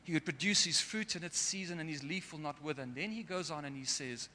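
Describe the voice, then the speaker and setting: Preaching with earnestness and occasional emotion, this man has a fairly high pitch, a fast delivery, and a sharp tone. The recording carries a long hall reverb and slight background noise.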